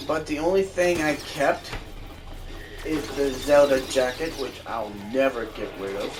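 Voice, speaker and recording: Over music and a noisy background, a man with a mid-range, unhurried voice tells a personal story in casual chat while gaming. He rambles, restarting sentences and correcting himself.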